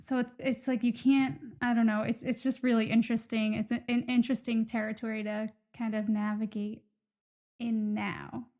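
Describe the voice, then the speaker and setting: A woman's voice: fairly high pitch, little pitch movement, moderate pace, a little mellow. A woman co-hosting a podcast who speaks hesitantly and keeps searching for her words in a casual conversation. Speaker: podcast co-host.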